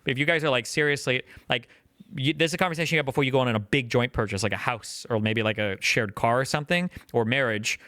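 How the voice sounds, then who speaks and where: A man hosting a podcast call-in segment, giving blunt advice in rapid casual chat full of "like" fillers. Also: mid-range voice, pushed and bright, no room sound, clean studio sound. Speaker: podcast host.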